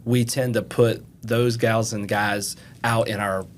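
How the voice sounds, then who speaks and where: Middle-aged Kentucky man, lower voice, animated storyteller, faint rumble. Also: slow pace. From Eastern Kentucky, USA. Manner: animated storyteller, acts out quotes. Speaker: FBI agent, podcast guest. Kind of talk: casual interview storytelling.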